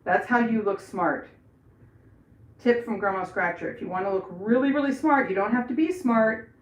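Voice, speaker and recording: A woman's voice: mid-range voice, moderate pace. A middle-aged American woman rambling through casual livestream chat and reading out viewers' messages while she paints trim in her bathroom. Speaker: livestream host. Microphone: camera set across the room. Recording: echoey room, voice far from mic, faint noise.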